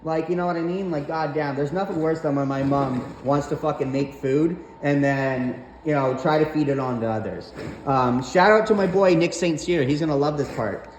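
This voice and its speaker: A man's voice: a little high, normal speed, echoey room, slight background noise, poor audio. A man telling a rant-filled personal story, swearing often and sounding exasperated. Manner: profane, animated, exasperated.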